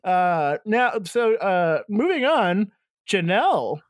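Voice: medium pitch, big pitch swings, slow pace, no echo. A game master hosting a tabletop session, upbeat and full of prompting questions to the players.

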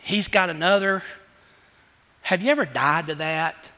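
A man preaching a sermon, moving from hushed questions to loud, shouted emphasis. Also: a little high, unhurried. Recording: long hall reverb.

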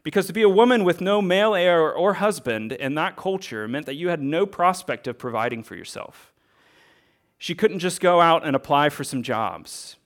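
A man's voice: a little high, normal speed. A man in his thirties giving a sermon as a pastor, earnest and conversational, asking rhetorical questions.

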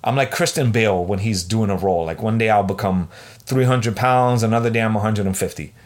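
Male podcast host, about forty, slightly low voice, swearing, exasperated solo rant. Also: fairly quick. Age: 40s.

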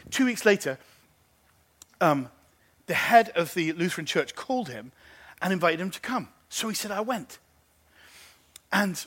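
A man preaching as pastor, telling a story and acting out the people in it, animated and lively. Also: high voice. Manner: animated, acts out phone conversations. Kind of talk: sermon storytelling. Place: church.

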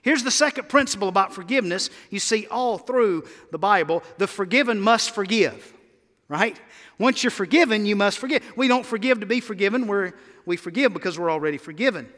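A man's voice: high voice, expressive, brisk, a bit bright. A male pastor preaching a sermon, emphatic and calling for the congregation to answer back. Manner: emphatic, calls for congregation responses. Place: church sanctuary. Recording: long hall reverb.

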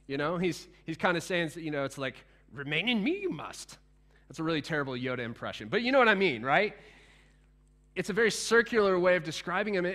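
Chatty, animated man preaching. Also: high-pitched. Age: adult, past teenage years. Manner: conversational, animated, with restarts and asides to the congregation. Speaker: pastor. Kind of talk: sermon.

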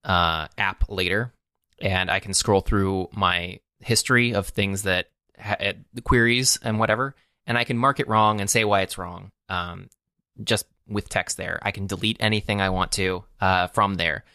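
Man, podcast co-host, casual tech chat, bright clear voice, dry close mic. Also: low voice, steady tone, moderate pace, no room sound. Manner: rambling, many fillers and restarts.

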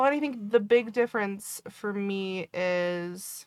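Animated, joking woman co-host. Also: medium pitch, clean tone, no room sound, clean studio sound. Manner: animated and emphatic, quick joking asides. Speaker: podcast co-host. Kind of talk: casual book-club chat.

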